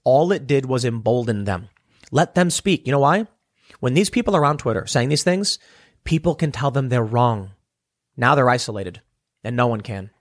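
A man's voice: mid-range voice, expressive, moderate pace, no echo, clean studio sound. A man hosting his own commentary show, talking through analogies and acting out quoted voices. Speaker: political commentary host. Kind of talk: solo commentary monologue.

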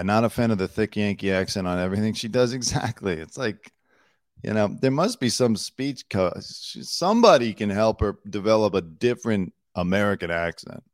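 An entertainment news rundown is hosted by a man whose voice is somewhat low, close, and dry. He talks casually and loosely, adding snarky, opinionated asides and frequent fillers and restarts.

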